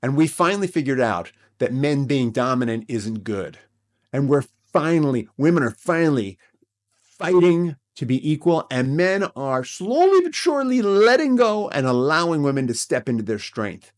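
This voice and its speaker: A man hosting a relationship podcast, talking earnestly and excitably, often repeating himself and checking in with "right?". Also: a little high, moderate pace. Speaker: podcast host. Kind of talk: relationship coaching podcast monologue.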